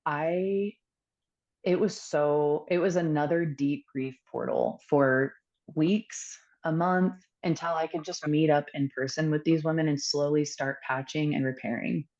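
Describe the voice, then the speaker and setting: A woman telling a candid personal story as a podcast guest, earnest and reflective, pausing often with fillers. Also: low voice, animated, a little mellow, lo-fi sound.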